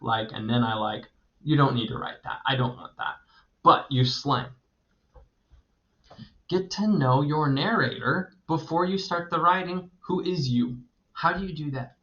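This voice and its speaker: A man's voice: medium pitch, a bit bright. A man in his thirties teaching creative writing in a recorded video lecture, talking in an enthusiastic, conversational way and laughing often. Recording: dull lo-fi recording.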